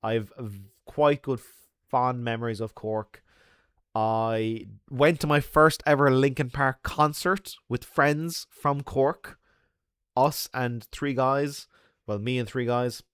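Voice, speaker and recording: A man's voice: medium pitch, fairly even intonation, slow pace, fairly bright tone, smooth, no echo, clean studio sound. An Irish man hosting a live stream, reading viewer comments and chatting in a loose, jokey way with lots of laughs and fillers. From Ireland. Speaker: livestream host.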